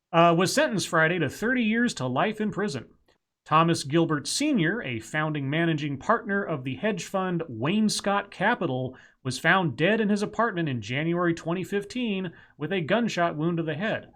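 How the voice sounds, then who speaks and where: Man, fairly high voice, podcast co-host, reads news aloud, wry asides. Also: fairly bright tone. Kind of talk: casual news chat.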